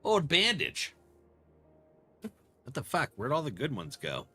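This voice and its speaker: A man's voice: medium pitch, wildly swooping pitch, unhurried, sharp tone, breathy edge. A man streaming a game, chatting casually, joking, swearing and laughing often. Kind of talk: casual live-stream commentary.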